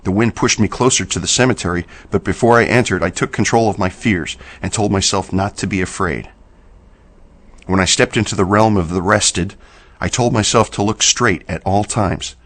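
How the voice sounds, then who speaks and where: A man reading a horror story aloud in a slow, measured storytelling manner. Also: sits low. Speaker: narrator. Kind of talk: scripted horror narration.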